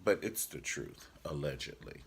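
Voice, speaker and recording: Sassy, husky man reviewing TV. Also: rumbling low, moderate pace. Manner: animated, sassy, joking. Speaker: TV show reviewer. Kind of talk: casual vlog chat.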